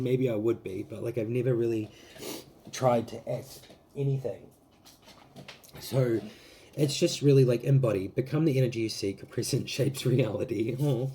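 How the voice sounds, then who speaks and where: A man giving a casual tarot reading to camera, rambling with many fillers and gently emotional, close to tears. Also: medium pitch, fairly even intonation, normal speed, slight background noise. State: teary, close to crying. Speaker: tarot reader.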